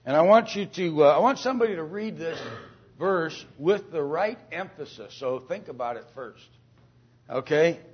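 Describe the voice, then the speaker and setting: A man teaching an informal Bible lesson to a class, speaking haltingly with many fillers, restarts and throat-clearing, and often asking the class questions. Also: a little high, expressive. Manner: asks the class questions and calls on students. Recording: dull lo-fi recording.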